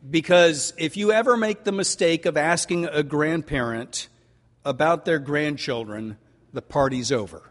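An older man preaching a sermon as pastor, folksy and animated, stretching out key words for emphasis. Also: on the high side, a little slow. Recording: long reverb of a large hall.

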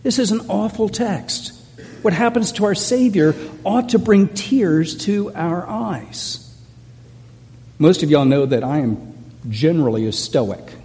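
A middle-aged pastor preaches in a church sanctuary, earnest and conversational, circling back over his words as he goes. His voice is mellow and rather dark in tone, and it rings out with a long reverb through the hall. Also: sits high, expressive, unhurried. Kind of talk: sermon.

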